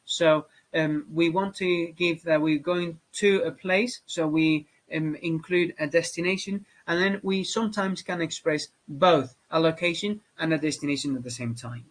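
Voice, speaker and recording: A rough recording catches a man with a highish voice at normal speed, delivering a grammar lesson for English exam takers. His delivery is hesitant, with frequent fillers and restarts.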